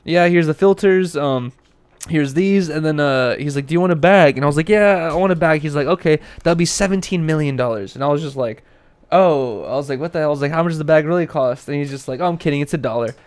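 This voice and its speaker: A man's voice: on the high side, quick pace, smooth, dry recording. A young man telling stories in casual podcast chat, with lots of slang and acted-out quotes. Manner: animated storytelling, acting out quotes. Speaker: podcast co-host.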